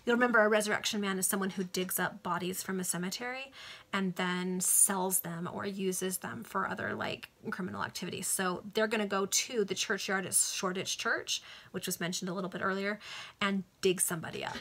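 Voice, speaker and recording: A woman's voice: mid-range voice, steady tone, brisk, a bit bright. A woman casually reading a classic novel aloud over a video call, stopping to explain the text in chatty asides. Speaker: reader.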